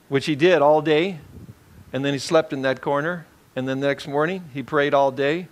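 Chatty pastor with a higher voice. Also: male voice, normal speed. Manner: relaxed, rambling, many fillers and restarts. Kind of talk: conversational sermon.

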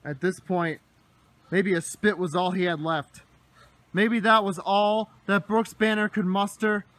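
A man doing wrestling play-by-play commentary, moving between hushed, dismayed muttering and shouted excitement over big moves. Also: high-pitched, unhurried, dry recording.

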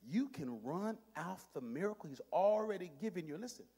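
A middle-aged man pastor preaching a sermon, swinging from shouts to hushed near-whispers and talking straight to his congregation. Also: high voice, lively intonation, normal speed, hardly any pauses, slightly rough. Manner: talks directly to the congregation in call-and-response. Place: church sanctuary. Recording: long hall reverb in a church.

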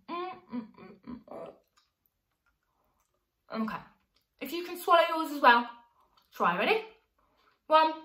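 Bright, high-voiced woman leading a warm-up. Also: reverberant. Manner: playful, encouraging, sings along to demonstrate. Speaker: vocal coach. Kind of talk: online vocal warm-up class for children.

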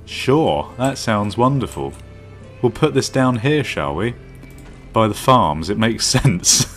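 Speaking slowly with a medium pitch, a man narrates his gameplay in a very animated, slightly bright voice. He reasons out loud and teases himself along the way, over faint background music.

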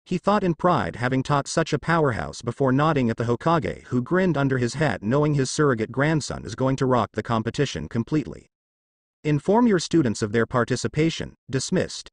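Male narrator for a fan fiction reading, expressive delivery, lively pitch, dry close sound. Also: brisk, few pauses, dry recording.

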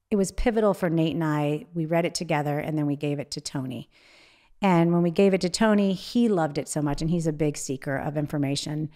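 Emotional woman with a lowish voice. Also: darkish tone. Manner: emotional, halting, with frequent restarts. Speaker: guest, author. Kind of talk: candid interview conversation.

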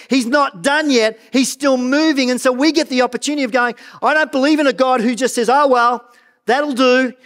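A middle-aged man preaching a sermon as pastor of a church, earnest and animated, often stumbling and repeating words. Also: very high voice.

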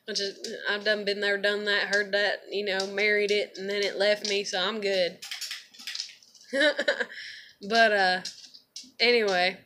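A woman's voice: medium pitch, level tone, measured pace, pauses often, pushed and bright, slight background noise. A tired young woman, venting to camera in a rambling, profane way and laughing often. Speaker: vlogger.

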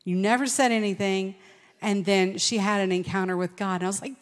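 A middle-aged woman telling a personal testimony at a conference, lively and storytelling, acting out what people said. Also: mid-range voice, a little fast. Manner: animated storytelling with laughs and acted-out quotes. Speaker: conference speaker. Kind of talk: testimony sermon. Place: large church hall. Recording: long hall reverb.

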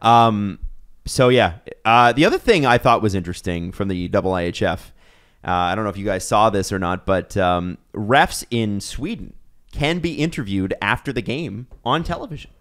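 A man's voice: fairly low pitch, normal speed. A man, hosting a casual hockey podcast and talking in long, rambling runs. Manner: animated, rambling with restarts. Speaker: podcast host.

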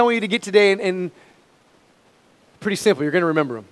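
A man preaching a sermon as pastor, swinging from loud emphatic peaks down to quiet low asides. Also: expressive, fast, long pauses, in a large hall. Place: church sanctuary.

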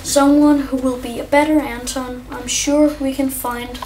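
A young male gamer doing rambling, excitable let's-play commentary, chatting to his viewers and his in-game pet. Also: high voice, a little slow, a little hiss or hum. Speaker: gameplay commentator. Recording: distant mic with faint keyboard typing.

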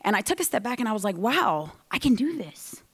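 A woman giving a motivational speech at a ceremony, telling her story in an animated way and acting out the dialogue. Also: fairly high pitch, fairly quick, slightly rough. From United States. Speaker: guest speaker. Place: ceremony hall.

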